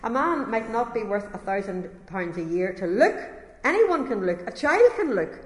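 A woman's voice: medium pitch, sing-song, normal speed, natural voice. A woman voicing an uneducated old-time male lay preacher who exhorts his hearers with impassioned repetition. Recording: echoey hall reverb.

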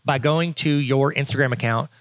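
A man co-hosting a podcast, talking fast and excitedly with jokes, a bit out of breath. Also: medium pitch, dry recording, studio quality. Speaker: podcast co-host. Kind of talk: casual chat.

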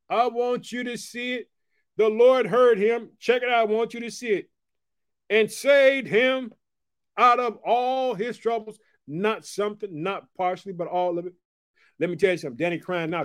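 Fervent high-voiced man preaching. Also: no room sound, studio quality. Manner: fervent, repetitive call-and-response asides. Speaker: podcast preacher. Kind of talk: preaching podcast sermon.

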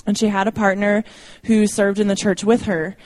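A woman's voice: mid-range voice, level tone, moderate pace, a little mellow. A young adult woman speaking informally to a church audience about ministry, chatty and self-deprecating, with light laughs. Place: church meeting room.

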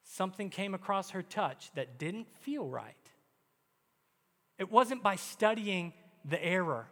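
A man's voice: high voice, a bit bright. A man preaching a sermon as pastor, emphatic and acting out quoted prayers in his delivery. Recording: long hall reverb.

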